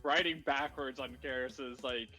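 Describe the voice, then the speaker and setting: Male gamer, bright tense voice, excitable, stumbles over words. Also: medium pitch, unhurried, faint music behind. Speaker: player. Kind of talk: casual chat at a game table.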